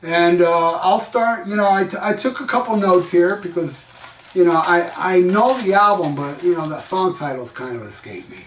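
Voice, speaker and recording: A man's voice: sits high, moderate pace, reverberant, far from the mic, slight background noise. Laid-back man rambling about an album. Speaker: music vlogger. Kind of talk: casual album review.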